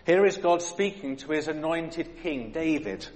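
A man's voice: fairly high pitch, lively intonation, unhurried, darkish tone. A man preaching a sermon in a church hall, earnest and dramatic, full of rhetorical questions.

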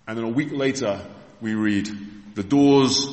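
A man's voice: mid-range voice, a little slow, a little mellow. A man preaching a sermon to a congregation in a church, retelling scripture scenes as vivid stories and speaking directly to his listeners. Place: church hall. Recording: echoey hall reverb.

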